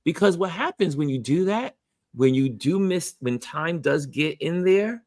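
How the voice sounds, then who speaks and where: A man hosting a casual motivational chat, talking about friendship in an animated way and acting out what people say. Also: on the high side, a little slow, no echo, studio quality. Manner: animated, acts out quoted voices. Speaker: host.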